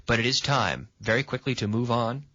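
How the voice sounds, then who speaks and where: A man hosting a radio English lesson, patiently quizzing a student and stressing words with lively intonation. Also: mid-range voice, fairly quick, dry recording. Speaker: English teacher and radio host. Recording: dull, lo-fi sound.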